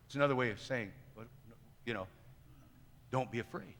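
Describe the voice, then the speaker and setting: A male pastor in his fifties preaching a sermon, swinging between loud emphatic lines and hushed quiet ones. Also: medium pitch, normal speed, gravelly, pauses often, big-room sound. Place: church sanctuary.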